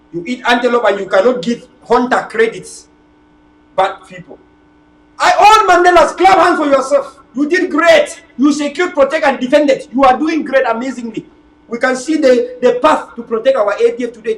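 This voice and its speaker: A man, an activist delivering a fiery, repetitive rhetorical monologue to his video audience, sometimes shouting. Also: very high-pitched, far from the mic. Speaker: political activist. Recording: echoey room, voice off-mic.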